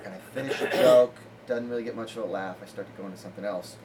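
A comedian guest tells a rambling, casual story, laughing often and sprinkling in "like" constantly. His voice is on the low side and rapid-fire, with audible background noise.

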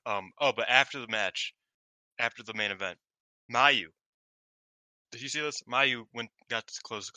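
A man's voice: mid-range voice, unhurried, long pauses, no room sound. A man co-hosting a casual podcast chat, telling stories animatedly and acting out what people said, laughing often. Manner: animated storyteller, acts out quotes, laughs often. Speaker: podcast co-host. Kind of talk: casual chat reviewing wrestling shows.

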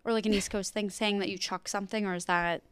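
Young woman, podcast co-host, smooth clear voice, dry close sound. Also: mid-range voice, steady tone, fast talker, a bit bright, no echo. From United Kingdom. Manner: chatty, jokey asides. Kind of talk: casual news chat.

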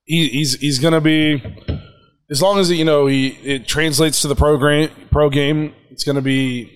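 A man's voice: fairly high pitch, normal speed, smooth. A man hosting a sports podcast in a studio, arguing and laughing in casual chat. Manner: animated, argumentative, laughs often. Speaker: podcast host.

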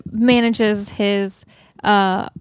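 A woman's voice: medium pitch, fairly even intonation, very slow, clean tone, dry recording. A woman co-hosting a casual podcast chat, teasing and blunt with her partner. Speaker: podcast co-host. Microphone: studio microphone with headphones.

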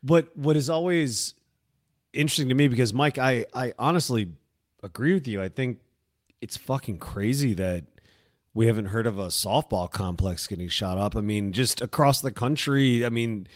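A man's voice: medium pitch, normal speed, dry recording, clean studio sound. A man co-hosting a casual chat, talking emphatically and swearing. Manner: profane, emphatic. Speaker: podcast co-host.

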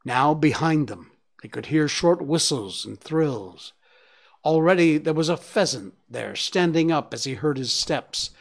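A man reading a storybook aloud in a measured, dramatic way, at times dropping to a hush. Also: mid-range voice. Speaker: narrator.

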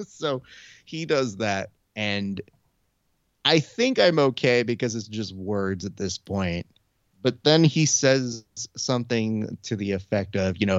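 A young adult man telling a story in casual chat, animated, acting out quoted lines with shifts in pitch. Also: a little slow, no echo, highs cut off. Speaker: podcast host. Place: Burbank area.

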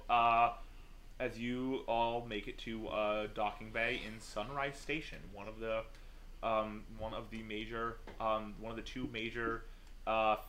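A man running a tabletop game as game master, narrating in a relaxed way with many fillers. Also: fairly low pitch, slight background noise.

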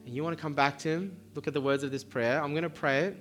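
A man's voice: a little high, steady tone, fast talker, a bit bright, soft background music. A man who is a pastor, leading an earnest altar-call prayer at a church service and often repeating words as he speaks.

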